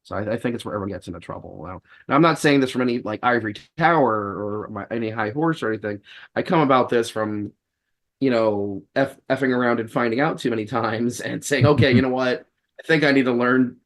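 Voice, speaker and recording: A man's voice: mid-range voice, a little fast, a bit bright. Wry storytelling man. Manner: wry, acts out quoted dialogue; rambling with frequent restarts. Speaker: podcast guest, exorcist. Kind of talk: casual storytelling in conversation.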